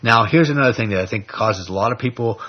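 A man teaching an informal Bible study, retelling scripture in a conversational, animated way with plenty of fillers. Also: fairly low pitch, fast talker, breathy edge. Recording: dull lo-fi recording.

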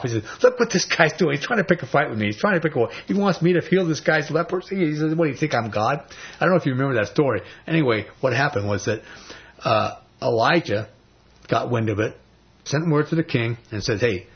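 A man leads an informal Bible study, retelling stories in a folksy manner full of fillers and lively quoted voices. His voice is on the low side, and the audio sounds dull.

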